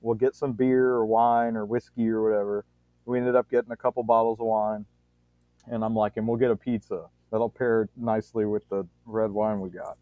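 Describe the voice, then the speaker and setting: A man's voice: lowish voice, little pitch movement, moderate pace, no room sound. Man telling a rambling story over a tinny line. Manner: rambling, frequent restarts, swears freely. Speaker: podcast storyteller. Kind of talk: casual rambling anecdote. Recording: tinny phone-like dry sound.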